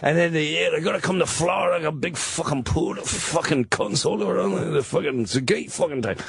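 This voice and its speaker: A man doing a gravelly, swearing Geordie rocker. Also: on the high side, brisk, no room sound, full character voice. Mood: boisterous. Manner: cheerful nonstop swearing, hoarse shouted bursts. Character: jovial foul-mouthed older northern English rocker.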